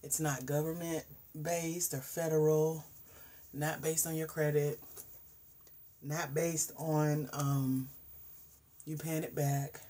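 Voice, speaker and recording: A woman in her forties talks casually to a live audience. Her voice is husky and breathy. She is chatty and animated, moving between hushed asides and loud bursts. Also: low voice, slow pace, pauses often. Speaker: host. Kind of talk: casual livestream chat.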